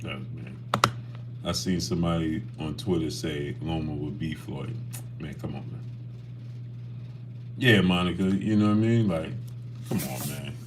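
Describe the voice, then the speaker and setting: A man's voice: a bass voice, a little slow, long pauses, noisy background. A man hosting a casual boxing livestream, talking animatedly and greeting chat viewers by name.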